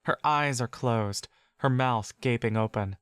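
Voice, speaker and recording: A man's voice: medium pitch, a bit bright, smooth, no room sound. Man narrating a story in second person. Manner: slow, measured, intense.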